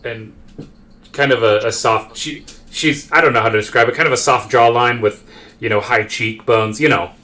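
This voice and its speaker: A man's voice: mid-range voice, fairly even intonation, normal speed, pushed and bright. A man narrating as game master of a solo tabletop game, describing characters with many fillers and restarts. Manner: hesitant, many fillers and self-corrections.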